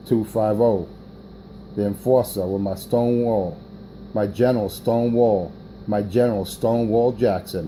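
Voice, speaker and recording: A man's voice: lowish voice, mellow, slight background noise, rough recording. A man talking on a CB radio, boastful and rambling, with many fillers. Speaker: CB radio operator. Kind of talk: radio chatter.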